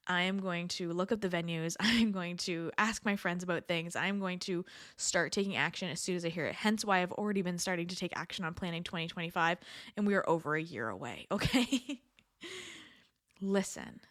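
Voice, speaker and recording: A woman's voice: on the low side, no room sound, clean studio sound. Chatty, earnest woman podcast host. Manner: chatty, earnest, laughs often, repeats words for emphasis. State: has the hiccups. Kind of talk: casual solo podcast talk.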